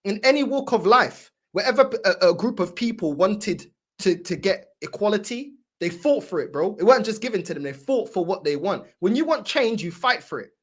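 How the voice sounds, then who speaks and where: A man's voice: high-pitched, expressive, normal speed, few pauses, a bit bright, slightly rough. A man with a London accent argues about his football club in casual, slang-filled talk. He builds his case with passion and insistence. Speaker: football fan co-host.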